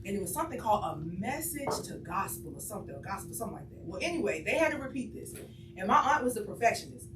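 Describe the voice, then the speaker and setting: A woman's voice: medium pitch, sing-song, quick pace. A woman on a panel telling a family story with humor, building each part to a punchline. She is picked up from a distance in an echoey room. Noise runs behind her. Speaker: panelist, social justice advocate. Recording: echoey room from far off, noisy.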